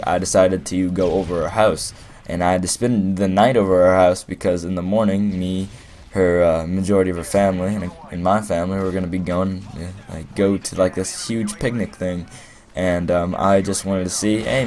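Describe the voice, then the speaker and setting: A man's voice: deep voice, fairly even intonation, normal speed, darkish tone, slight background noise. A young man telling a rambling, playful story as casual gameplay commentary, full of fillers. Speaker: gaming commentator.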